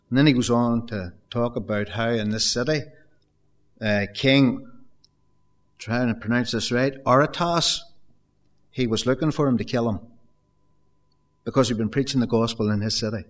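A man's voice: medium pitch, normal speed, pauses often. A male preacher giving a sermon, reading scripture with rising emphasis and speaking to the congregation as folks, sometimes stammering and repeating words.

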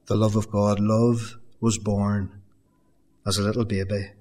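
A man's voice: on the low side, flat delivery, unhurried, warm tone. A man preaching a sermon in an earnest style, repeating phrases for emphasis and addressing the congregation directly. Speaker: pastor.

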